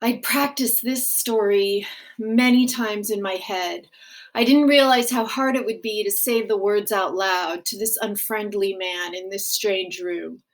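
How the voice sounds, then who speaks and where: A woman reading a graphic novel aloud, in a gentle, unhurried storytelling manner. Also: mid-range voice. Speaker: audiobook reader.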